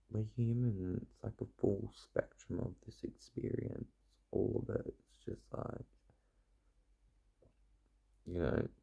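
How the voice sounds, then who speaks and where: A man's voice: lowish voice, creaky, mellow, slightly rough, lo-fi sound. A young man chatting casually to camera, rambling and swearing freely, in a playful put-on accent. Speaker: vlogger.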